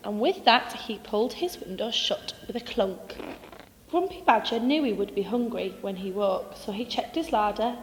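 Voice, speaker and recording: A woman, a nanny, reading a children's story aloud with expressive, lively storytelling. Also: on the high side, long reverb tail.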